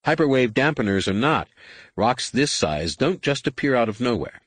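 A man voicing a calm, eager young man in his husky voice. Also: medium pitch, normal speed, dry recording, voice pushed up. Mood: alert.

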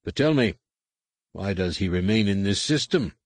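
A man voicing a cold, menacing alien warrior commander who speaks slowly and with measured threat, in a husky voice. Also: lowish voice, animated, no room sound. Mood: probing. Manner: slow, measured, coldly threatening.

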